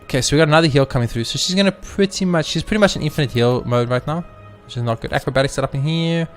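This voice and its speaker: A man's voice: a little high, very fast, faint music behind. A man hosting a let's play video, commenting casually on his game, cheering, swearing and talking to the enemies. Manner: excitable, swears, talks to the game. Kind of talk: gaming commentary.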